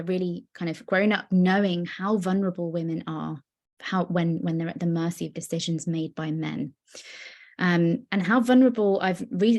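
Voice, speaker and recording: A young woman giving an earnest, personal talk on a video call, with many pauses and fillers. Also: on the low side, a little mellow. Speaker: guest speaker. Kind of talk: virtual presentation.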